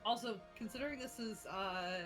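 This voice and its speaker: A woman streams a game and chats in a playfully dramatic way. Her voice sits a little high. Clear music plays behind her. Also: moderate pace, a bit bright, poor audio. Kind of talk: casual game-stream chat.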